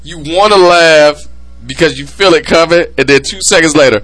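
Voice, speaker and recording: A man hosting a casual podcast chat, excitable and prone to loud laughing outbursts. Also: a little high, moderate pace. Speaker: podcast host.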